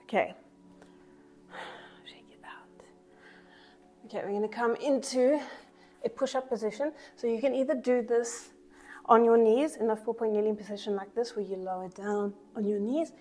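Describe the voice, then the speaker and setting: A woman's voice: fairly high pitch, steady tone, brisk, dark tone. A woman leading a pilates class, counting reps and cueing breaths as she exercises along, a little out of breath. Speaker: pilates instructor. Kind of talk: workout class instruction.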